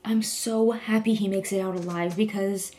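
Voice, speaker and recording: A woman's voice: mid-range voice, steady tone, moderate pace, mellow. Gushing young woman rambling casually. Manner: gushing, rambling, heavy use of "like". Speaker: vlogger. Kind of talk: casual chat.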